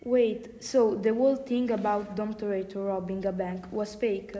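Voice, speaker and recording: A woman's voice: mid-range voice, fairly even intonation, moderate pace, warm tone, a little hiss or hum, lightly acted. Amateur radio play: woman voicing a level-headed young friend, plain earnest delivery. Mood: calming.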